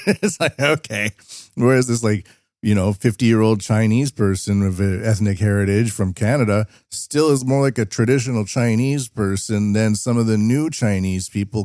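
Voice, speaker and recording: A man's voice: fairly low pitch, dark tone, dry recording, studio quality. A man hosting a solo podcast, rambling through opinions in a casual, opinionated way and mimicking the people he meets. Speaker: podcast host. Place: lives and works in Japan.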